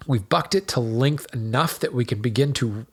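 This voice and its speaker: A man with a husky, mid-pitched voice hosts a show in a relaxed teaching tone. He talks things through step by step, with asides and the odd restart. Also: normal speed. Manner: conversational, explains step by step with asides and small restarts. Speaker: woodworking show host. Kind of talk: casual educational talk.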